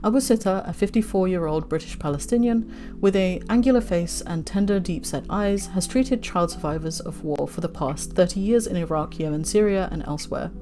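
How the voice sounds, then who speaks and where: A woman's voice: fairly low pitch, fairly quick, mellow, faint music behind. A woman reading news articles aloud, breaking off into heated, sweary asides as she holds back tears.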